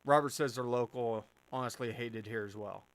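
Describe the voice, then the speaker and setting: A man's voice: mid-range voice, fairly quick, no room sound. A man hosting a live stream, chatting casually and answering viewer questions with plenty of fillers and restarts. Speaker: livestream host answering chat.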